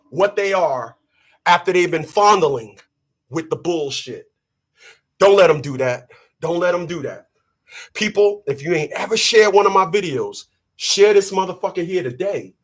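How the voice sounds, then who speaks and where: A man hosting his own channel, ranting and telling a story in a loud, emphatic, profane monologue. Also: sits high, expressive, moderate pace. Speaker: channel host.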